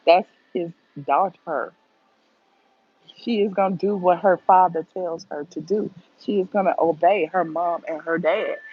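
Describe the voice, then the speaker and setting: A woman's voice: lowish voice, breathy edge, phone-quality sound. A woman talks casually to her viewers in a livestream, speaking her opinions bluntly and reading out their comments as she goes. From Atlanta, USA. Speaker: gossip vlogger answering live chat.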